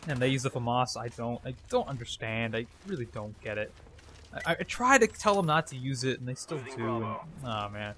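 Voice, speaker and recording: A man's voice: mid-range voice, expressive, fairly quick, sharp tone, slight background noise. A man giving casual, jokey, rambling commentary over his own gameplay. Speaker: gaming commentator.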